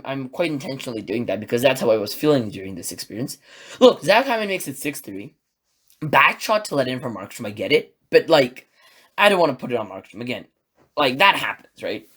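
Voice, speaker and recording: A man hosting a solo sports podcast, recapping a game in an excitable, rambling way and acting out his own reactions. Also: mid-range voice, slightly rough. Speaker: podcast host.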